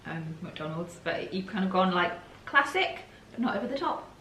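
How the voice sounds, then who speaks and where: A woman's voice: fairly low pitch, big pitch swings, moderate pace, a bit bright. A middle-aged woman chatting easily with her family at home. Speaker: co-host, mother. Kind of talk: casual chat. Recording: echoey room, faint noise.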